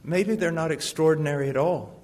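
A man preaches a sermon with a fairly high voice. He swings from hushed tones to loud, fervent ones and keeps asking his listeners questions. His voice rings through a hall with a long reverb. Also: a little fast.

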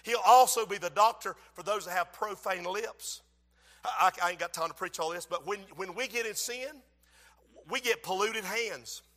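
Man, preacher, very high bright voice, hushed to shouting, long hall echo. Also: moderate pace. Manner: animated, swings from hushed to shouting. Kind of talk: sermon with acted-out story.

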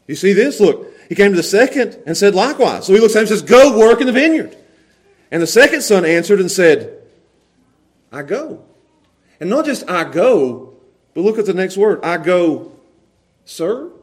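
A man preaching a sermon, animated, laughing often and repeating words as he goes. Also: high voice. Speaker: pastor.

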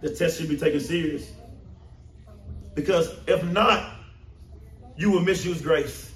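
A man preaches in a high voice, rising into emphatic bursts and firing questions at his congregation. His sermon rings around an echoey church room, picked up from a little way off the mic. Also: unhurried, long pauses. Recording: roomy echo, mic at a distance.

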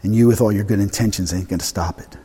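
A man preaching a sermon, emphatic and animated, swinging from loud to soft. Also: fairly low pitch, quick pace, slightly rough. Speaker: pastor. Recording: long hall reverb.

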